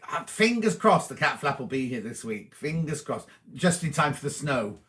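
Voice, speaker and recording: A man's voice: medium pitch, big pitch swings, normal speed, fairly bright tone. A middle-aged man hosting a live stream, chatting cheerily and answering viewers' comments as he reads them out. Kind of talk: casual live chat.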